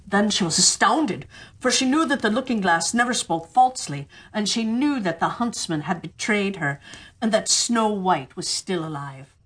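Breathy woman telling a fairy tale. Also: medium pitch, moderate pace. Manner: expressive, acts out the voices. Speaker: storyteller. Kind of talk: children's audiobook narration.

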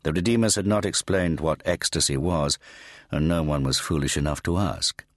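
A man narrating an audiobook in a measured, grave storytelling manner, on a close studio mic. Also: extremely low pitch, dry recording. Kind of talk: scripted narration.

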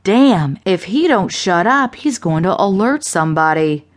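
Narrator doing nasty cursing femme fatale, taunting, slow and drawn out. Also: female voice, mid-range voice, expressive, lightly acted. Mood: menacing. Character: ruthless foul-mouthed woman, cold and vicious.

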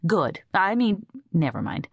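A woman narrator voicing an excitable, chatty woman cousin who rushes and climbs high when thrilled. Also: slightly rough, no echo, clean studio sound, heavily acted. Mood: excited.

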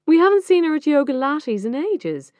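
A woman's voice: high-pitched, very animated, normal speed, darkish tone, no echo, dull audio, pitched above the performer's own voice. A woman doing a drawling, vain glamorous mother. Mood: cooing.

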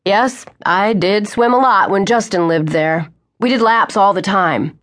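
A woman's voice: medium pitch, measured pace, fairly bright tone, natural voice. A woman voicing a polite, dutiful teenage boy who speaks in a reserved way in an audiobook.

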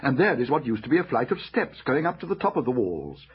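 A man's voice: mid-range voice, big pitch swings, fast talker, lo-fi sound, voice pushed up, close to an everyday voice. A man voicing an earnest eldest boy who takes charge and reasons point by point, in an audiobook.

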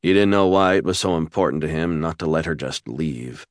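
A male audiobook narrator telling a suspense romance with steady, measured delivery. His voice is extremely deep, and the sound is dry and close with no room echo. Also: clean tone.

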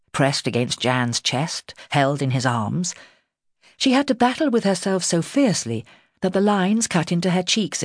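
A woman narrating a historical novel in a measured, expressive storytelling manner, close to the mic. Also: low-pitched, no echo. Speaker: audiobook narrator. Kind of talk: scripted narration.

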